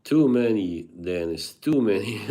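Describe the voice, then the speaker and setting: A man's voice: on the low side, lively intonation, slow, darkish tone. A man live streaming, chatting casually with viewers, rambling, laughing often and reading chat aloud.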